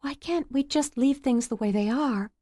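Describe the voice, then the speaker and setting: A woman's voice: high voice, moderate pace, dark tone, no echo, clean studio sound, voice pushed up. A woman voicing a guarded young woman with a hidden past, speaking hesitantly in a raised, tight voice in a romance audiobook. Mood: anguished. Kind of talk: audiobook character voice.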